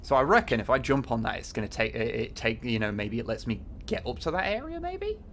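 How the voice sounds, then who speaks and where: A man's voice: mid-range voice, very animated, brisk, fairly bright tone, slight background noise. A man streaming a game, chatting casually with a co-host, rambling and swearing, with lots of fillers. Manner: rambling, profane, full of fillers. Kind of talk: casual gaming chat.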